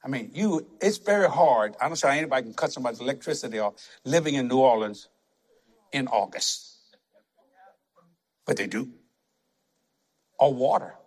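A man's voice: medium pitch, expressive, fast, breathy edge. A man preaching a sermon, emphatic and conversational, repeating words for effect.

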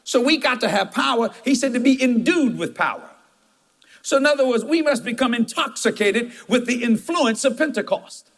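A man's voice: very high voice, expressive, normal speed, a bit bright. A man preaching a sermon as pastor, telling folksy stories with emphatic asides.

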